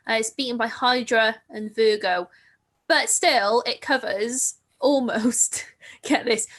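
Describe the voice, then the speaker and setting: A woman's voice: on the high side, slow pace, a bit bright. A Welsh woman co-hosting an astronomy podcast in casual, giggly chat. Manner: chatty, giggly. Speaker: podcast co-host.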